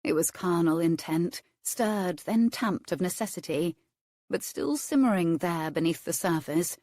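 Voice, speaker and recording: Brief: female audiobook narrator, low register, measured, expressive delivery, dry studio sound. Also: no room sound. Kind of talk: scripted romance narration.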